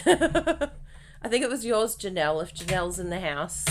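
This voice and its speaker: Bubbly, giggly woman with a lively voice. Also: fairly low pitch, unhurried, gravelly, pauses often. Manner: bubbly and giggly, with squealed exclamations. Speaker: papercraft demonstrator hosting a live stream. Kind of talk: casual live craft tutorial.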